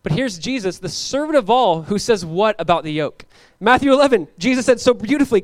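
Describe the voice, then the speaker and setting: A pastor with a high voice preaches an expository sermon, recorded with no room sound. He's animated, acting out the biblical characters he describes in quick voices.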